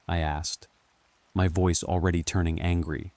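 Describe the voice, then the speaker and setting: Deep slow man telling a horror story. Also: dry recording. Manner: calm, measured first-person telling. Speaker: narrator. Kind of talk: scripted horror story narration.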